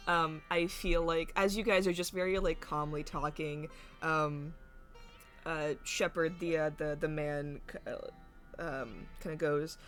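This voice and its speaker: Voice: mid-range voice, fairly even intonation, takes it slowly, a bit bright, soft background music. A game master running a tabletop game casually, laughing often and swearing freely.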